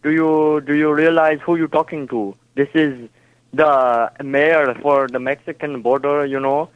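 A man with an Indian accent on a phone call who talks haltingly, stuffing his sentences with fillers and insisting on his point. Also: a little high, steady tone, no echo. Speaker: prank call target. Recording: muffled phone line.

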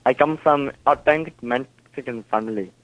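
A man with an Indian accent on a phone call who talks haltingly, stuffing his sentences with fillers and insisting on his point. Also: mid-range voice. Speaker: prank call target. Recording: muffled phone line.

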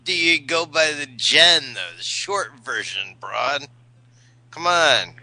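A man's voice: a little high, expressive, slow pace, creaky, bright, forceful tone, no echo. A man on a call-in line, teasing and mocking in a prank call, laughing often. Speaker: caller.

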